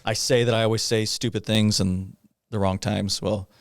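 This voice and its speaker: A middle-aged man, a police officer guest, recounting a personal story in a halting way, with many pauses, fillers and rueful laughs. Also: lowish voice, flat delivery, dry recording, clean studio sound. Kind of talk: conversational storytelling in a podcast interview.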